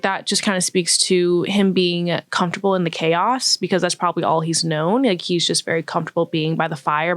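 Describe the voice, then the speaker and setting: A woman's voice: on the low side, no room sound. Chatty young woman, dry close sound. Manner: chatty, says "like" often, acts out quotes. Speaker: vlogger reviewing a film. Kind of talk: casual chat.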